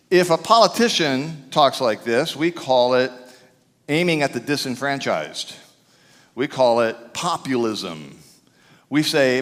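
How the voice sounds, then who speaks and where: A man preaching a sermon as pastor, animated, shouting some phrases for emphasis and dropping to a hush on others. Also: medium pitch, takes it slowly. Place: church sanctuary. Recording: long hall reverb.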